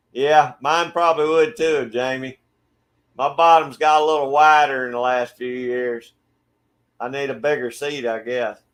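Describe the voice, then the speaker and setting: A friendly, laid-back middle-aged man from Georgia, USA, speaks with a Southern accent in a mid-range voice at a measured pace. He's hosting a relaxed livestream from a backyard shed, casually chatting through viewer comments and greeting viewers by name.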